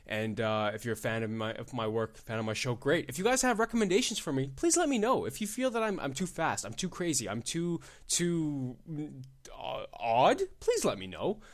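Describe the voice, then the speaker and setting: A young man hosting a solo podcast, excitable and profane, swinging between loud outbursts and low muttering and laughing at his own jokes. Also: moderate pace. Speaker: podcast host. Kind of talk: casual solo podcast rant.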